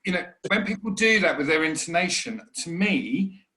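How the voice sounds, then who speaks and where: A man's voice: sits high, animated, sharp tone. A middle-aged man, talking earnestly in an interview, often restarting his sentences. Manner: earnest, halting, many restarts, mimics voices. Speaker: interview guest. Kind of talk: reflective conversation. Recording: roomy echo.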